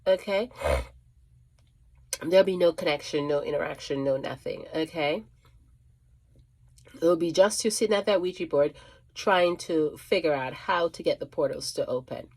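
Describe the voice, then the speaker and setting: A woman with a lowish voice tells a casual storytime monologue. She rambles, circles back over her own phrases and fills the gaps with ums. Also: normal speed, long pauses, darkish tone, slightly rough. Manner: rambling, restarts and repeats phrases, many ums. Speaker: psychic medium.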